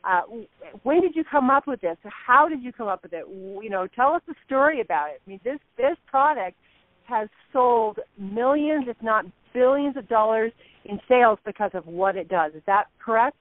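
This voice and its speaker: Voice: medium pitch, lively intonation, normal speed, no echo. Encouraging host on a tinny phone line. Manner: encouraging, affirming interviewer. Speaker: host of a product call. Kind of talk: phone call interview. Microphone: telephone.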